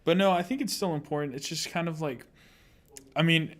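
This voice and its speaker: A man's voice: a little high, fairly quick. A young man co-hosting a casual podcast, laid-back, laughing often and trailing off with fillers. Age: young adult. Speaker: podcast co-host. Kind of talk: casual chat.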